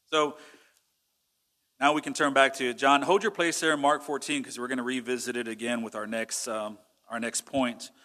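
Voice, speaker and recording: A Texan pastor, a man, preaching a sermon in a conversational way, asking his listeners rhetorical questions. His voice sits at an ordinary pitch and has a bright, forceful edge.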